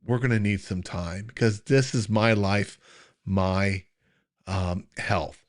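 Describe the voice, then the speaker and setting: A man's voice: fairly low pitch, steady tone, slow. A middle-aged American man hosting a live Q&A stream as a health coach, talking earnestly in a loose, conversational way with many fillers and restarts, and struggling to hold back emotion. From United States. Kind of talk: casual live-stream chat.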